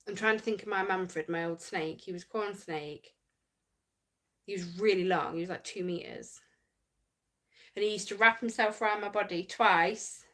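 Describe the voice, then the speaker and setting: A woman's voice: mid-range voice, a bit bright. A woman hosting a casual livestream, chatting and giggling as she reads viewer comments aloud. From United Kingdom. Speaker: livestream host reading chat.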